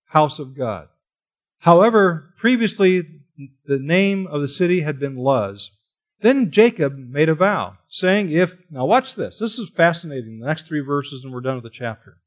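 A man teaching a Bible study sermon, animated and asking the listeners questions as he stresses key words. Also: on the high side, measured pace, lo-fi sound. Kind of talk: expository sermon.

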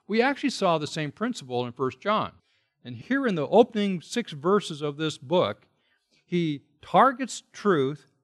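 A man teaching from the pulpit in a lively, swinging voice that sits somewhat high for a man. He leans hard on his key words, repeats them for stress and poses questions to his listeners as he works through the text. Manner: explains Greek terms, asks the listeners questions. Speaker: preacher. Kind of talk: expository Bible teaching sermon.

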